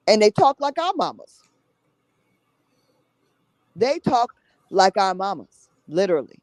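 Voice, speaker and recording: A forceful woman guest talking in a passionate, conversational run. She speaks bluntly with salty language and keeps checking in with "okay?". Her voice sits in a middle register and sounds dry and close. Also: mid-range voice, very animated, unhurried, pauses often, no echo, low-quality recording. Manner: emphatic, repeats herself, drops tag 'okay?'. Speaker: guest, summit organizer.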